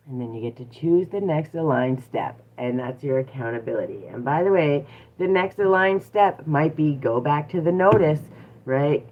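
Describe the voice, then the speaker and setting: A personal growth coach giving a casual live-streamed teaching talk, earnest and repetitive, with lots of fillers and asides to viewers. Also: medium pitch. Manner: earnest, repeats points, many fillers, chats with viewers. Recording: tinny phone-like sound.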